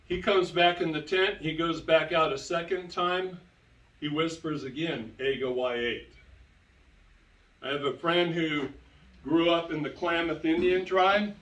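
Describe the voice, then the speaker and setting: A man's voice: on the high side, steady tone, unhurried, a bit bright, lo-fi sound. A man giving a public lecture, telling stories to an audience and repeating key phrases for emphasis. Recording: roomy sound, distant from the mic.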